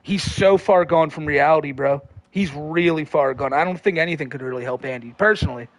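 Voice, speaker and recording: High-voiced rambling streamer guy. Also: a little fast, no room sound. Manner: rambling, profane, laid-back. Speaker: livestream host. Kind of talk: casual chat reading viewer comments.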